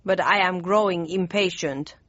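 A woman's voice: lowish voice, a bit bright, no room sound. A woman voicing a pompous, hot-tempered old male German chancellor with stiff, jumbled formal speech in an audiobook. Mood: pompous, blustering. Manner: slow, heavy, deliberate delivery. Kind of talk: audiobook character voice. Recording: dry, slightly dull studio read.

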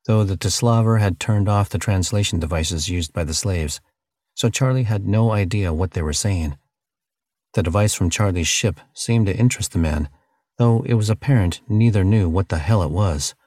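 A man narrating an audiobook in a steady, measured reading. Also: sits low, dry recording, studio quality. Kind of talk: scripted narration.

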